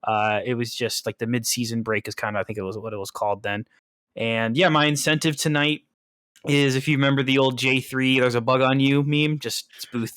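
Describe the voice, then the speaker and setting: A man's voice: mid-range voice, fairly bright tone, no room sound, clean studio sound. Laid-back man chatting on a stream. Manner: laid-back, rambling with fillers. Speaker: caster and admin. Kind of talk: casual stream chat.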